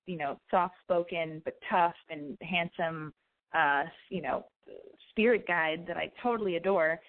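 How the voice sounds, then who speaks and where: A young woman tells a personal story in a loose, rambling way, stopping to fix her words and swearing without a second thought. Her voice sits in a middle pitch. The sound is thin and tinny, like a phone line. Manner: rambling, self-correcting, swears freely. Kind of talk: casual storytelling monologue.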